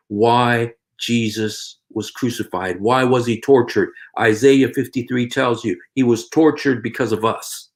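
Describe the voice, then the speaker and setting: A man preaching earnestly in a video, pleading with viewers and repeating his phrases over and over. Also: mid-range voice. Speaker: Christian preacher and video host. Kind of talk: evangelistic vlog appeal.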